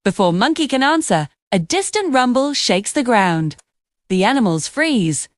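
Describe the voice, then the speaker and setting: Expressive woman storyteller, lively pitch. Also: measured pace, dry recording, clean studio sound. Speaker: narrator. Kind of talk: children's story narration.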